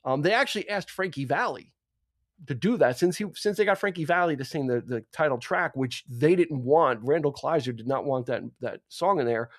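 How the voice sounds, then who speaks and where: Rambling podcast man, higher voice. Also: expressive, fairly quick, dry recording, studio quality. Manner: rambling, many restarts and fillers. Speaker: podcast co-host. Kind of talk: casual film discussion.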